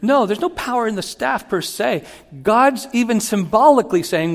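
A man giving a sermon as a pastor, teaching in an animated way and acting out Bible quotes with rising emphasis. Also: high voice, moderate pace, gravelly. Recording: long hall reverb.

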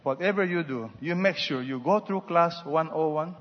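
A man preaching a sermon, swinging between loud exhortations and soft asides and having the congregation repeat after him. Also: on the high side, normal speed. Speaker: pastor. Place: large church hall. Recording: muffled sound with long hall reverb.

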